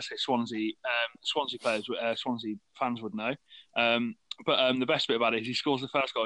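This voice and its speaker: A man with a bright, forward voice chats casually about football on a podcast. He tells stories animatedly, jumping up into acted-out quotes. The sound is dry and close. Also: mid-range voice, no room sound, rough recording. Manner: animated storyteller, acts out quotes in raised voice. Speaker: podcast co-host.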